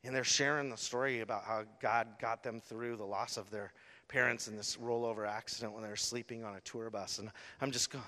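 Middle-aged male pastor, bright and forceful voice, emotional storyteller, in a big reverberant hall. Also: medium pitch. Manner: emotional, storytelling, with acted-out gasps and quotes. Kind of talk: sermon testimony.

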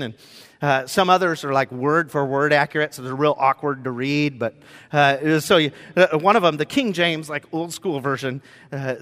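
Animated male pastor in a reverberant hall. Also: a little high. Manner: animated, acts out quotes, frequent fillers and restarts. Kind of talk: conversational sermon.

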